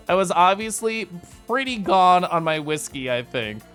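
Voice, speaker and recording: Giggly, animated young man streaming. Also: high voice, slow, soft background music. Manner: giggly, animated, chatty with viewers. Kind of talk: casual stream chat.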